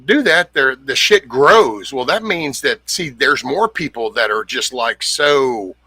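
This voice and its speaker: Middle-aged male streamer, husky, rambling and blunt, close dry sound. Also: mid-range voice, animated, measured pace, pushed and bright, dry recording. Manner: rambling, blunt, swears casually, greets viewers by name. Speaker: livestream host. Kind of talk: casual livestream chat reading comments.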